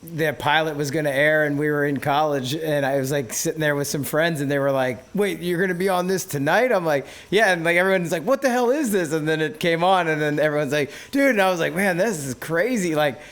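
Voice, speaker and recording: Laid-back podcast host with a smooth voice. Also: male voice, on the high side, fairly bright tone. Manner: laid-back, agreeable, quick to affirm. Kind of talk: casual interview chat.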